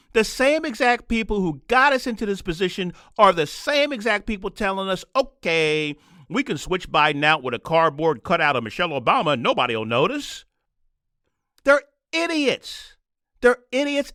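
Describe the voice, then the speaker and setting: A man's voice: high voice, pushed and bright, dry recording, studio quality. Fired-up man ranting on his podcast. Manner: heated, sarcastic and exasperated. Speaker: podcast host. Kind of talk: solo political commentary rant.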